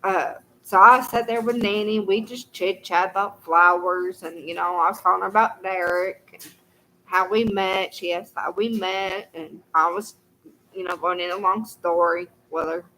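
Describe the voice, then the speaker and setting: Woman, casual storyteller with a bright, crisp tone, folksy and rambling, faint crickets outdoors behind her. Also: fairly low pitch, steady tone, moderate pace, slight background noise, rough recording. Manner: rambling and folksy, full of "you know".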